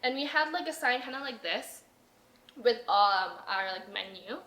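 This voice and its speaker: A woman's voice: on the high side, animated, normal speed, sharp tone. A young woman hosting a podcast in casual chat, telling stories with a lot of energy, swearing freely and acting out what other people said. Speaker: podcast host. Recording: roomy echo.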